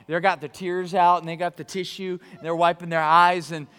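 A man preaching a sermon as pastor, animated and conversational, swinging between excitement and quiet earnestness. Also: high-pitched, fairly quick, smooth. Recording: long hall reverb.

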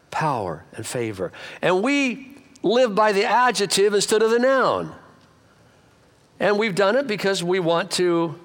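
A middle-aged man preaching a sermon as pastor, swinging between loud emphatic lines and low quiet asides. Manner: animated preaching with wide swings of pitch and loudness.

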